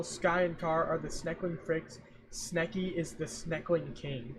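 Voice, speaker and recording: A young man talks on a livestream in a loose, rambling way, cracking jokes and talking to himself and his chat. His voice sits a little higher than most men's. A fan hums faintly behind his home mic. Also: fairly even intonation, slow, a bit bright, slight background noise. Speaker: streamer. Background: fan running.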